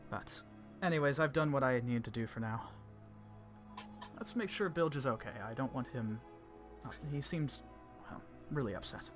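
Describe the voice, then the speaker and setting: A man voicing a composed male human commander who speaks in a measured, polite, reserved way. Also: mid-range voice, lively intonation, faint music behind, close to an everyday voice. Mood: earnest.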